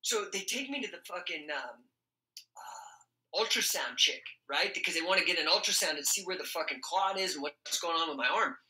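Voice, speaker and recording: Profane, animated man in a roomy room. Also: on the high side, normal speed. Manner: profane, animated, laughs often. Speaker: podcast guest. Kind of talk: casual storytelling. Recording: roomy echo.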